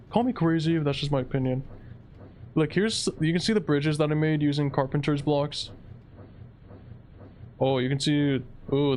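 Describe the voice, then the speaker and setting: A young gaming video creator gives rambling, laid-back commentary over his own gameplay, saying "dude" a lot. His voice is a little high and a little mellow, with faint game music and a slight hiss or hum in the background.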